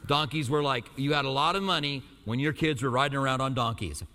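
A man's voice: mid-range voice, pushed and bright. Man preaching through a hall's reverb. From Albuquerque, New Mexico. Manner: reads scripture slowly, then explains in a conversational, lightly joking aside. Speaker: pastor. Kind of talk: verse-by-verse sermon. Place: church in Tucson. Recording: hall reverb.

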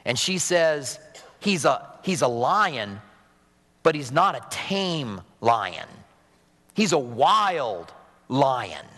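A man's voice: fairly high pitch, fairly bright tone, long reverb tail. A man preaching a sermon from a pulpit in a conversational, earnest manner, sniffly from a cold, with humorous asides. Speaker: pastor. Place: church sanctuary at a pulpit.

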